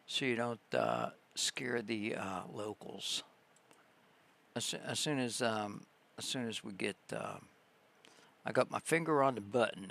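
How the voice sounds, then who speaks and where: A man hosting a casual livestream, chatting excitably and breaking into laughter and squeals. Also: on the low side, vocal fry. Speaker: livestream host.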